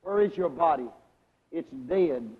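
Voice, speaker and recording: High-voiced preacher in an echoing hall. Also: male voice, animated, unhurried, husky. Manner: questions the congregation and asks for agreement; loudness swings between strong and hushed. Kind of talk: sermon to a congregation. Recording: lo-fi recording with a long hall echo.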